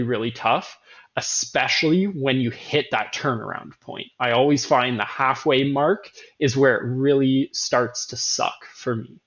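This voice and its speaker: A man's voice: mid-range voice, fairly bright tone. Male host, casual and earnest, emphatic restarts, slightly muffled recording. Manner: earnest, self-correcting, emphatic repetition. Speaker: running coach host. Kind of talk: casual podcast talk.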